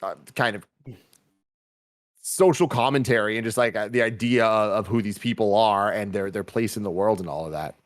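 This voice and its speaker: A man's voice: on the low side, normal speed. A man co-hosting a casual movie review podcast, rambling with many fillers and restarts. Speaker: podcast co-host.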